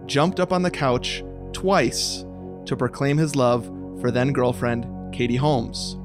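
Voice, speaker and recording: A male podcast host who tells stories in a loose, rambling way and laughs often between his lines. He speaks at a middle pitch with faint music under him. He comes across as easygoing and chatty. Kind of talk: scripted intro narration, then casual chat.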